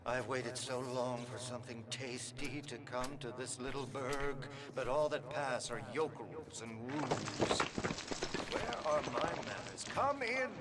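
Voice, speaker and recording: A man's voice: mid-range voice, lively intonation, a little slow, lightly acted. An actor playing a theatrical, unhinged male artist villain in a video game, with a grandiose sing-song delivery. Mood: theatrical menace. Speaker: game character. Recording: game audio with crowd noise.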